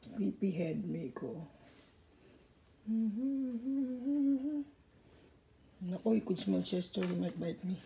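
A woman cooing baby talk to her pet hamsters in a high sing-song, dropping to low murmured asides. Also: animated, takes it slowly, vocal fry, long pauses, warm tone.

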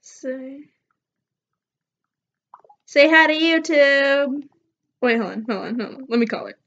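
Slow-talking giggly young woman vlogger. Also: high voice, animated, fairly bright tone, highs cut off. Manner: giggly, laughs often while reading texts aloud. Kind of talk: casual vlog narration.

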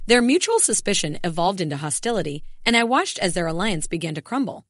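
A woman's voice: on the low side, sing-song, quick pace, dry recording, clean studio sound. A woman giving a scripted first-person narration of a revenge story, in a cold, determined manner.

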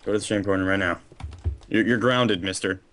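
A man hosting a charity stream over a voice call, playful and quick to laugh, often repeating words as he talks. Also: fairly low pitch, fairly even intonation, fairly bright tone. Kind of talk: casual chat on a voice call.

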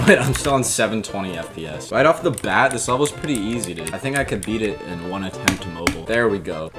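A young male streamer with a fairly low voice that swings widely as he jokes and exclaims. Loud game music plays underneath his quick, playful commentary. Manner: excitable, joking, quick exclamations. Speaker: streamer playing a platform game.

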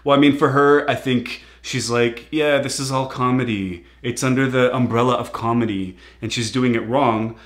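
A man's voice: mid-range voice, steady tone, normal speed, few pauses, echoey room. Casual young man reacting with slang. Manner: casual, slangy, frequent hesitations. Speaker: reaction channel host.

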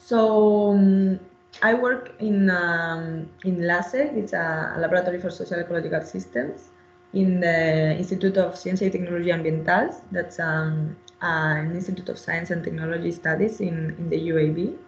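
A woman's voice: on the low side, fairly even intonation, moderate pace, echoey room, lo-fi sound, a little hiss or hum. Woman presenting in a hesitant webinar voice. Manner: hesitant, many fillers and restarts. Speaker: postdoctoral researcher presenting.

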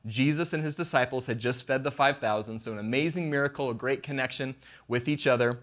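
A man's voice: mid-range voice, a little fast, fairly bright tone. A man preaching a casual online sermon as pastor, conversational and jokey, acting out the lines he quotes.

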